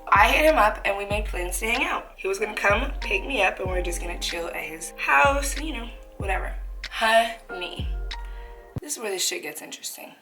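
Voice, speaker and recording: A woman's voice: mid-range voice, animated, moderate pace, pushed and bright. A young woman vlogger from Canada telling a personal story in a candid, chatty way while eating, with playful asides and the odd swear word. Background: background music.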